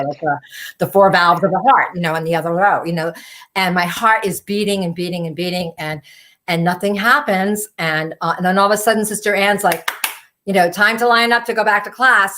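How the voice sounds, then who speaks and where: A middle-aged woman telling a personal story in an animated way, full of "like" and "you know" fillers. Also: lowish voice. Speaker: storytelling show host.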